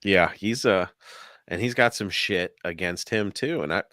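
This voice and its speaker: A man's voice: low-pitched, moderate pace, pushed and bright, no echo, clean studio sound. A man co-hosting a podcast in loose, profane casual chat, laughing often. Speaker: podcast co-host.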